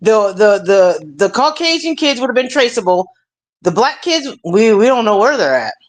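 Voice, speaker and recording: Animated woman hosting a chat. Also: on the high side, moderate pace. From United States. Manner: animated storytelling with many fillers. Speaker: stream host. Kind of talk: casual chat.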